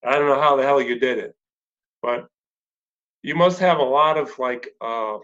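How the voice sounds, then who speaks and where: A man's voice: medium pitch, moderate pace, fairly bright tone. Effusive male host, dull lo-fi sound. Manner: effusive, enthusiastic praise. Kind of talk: casual interview chat.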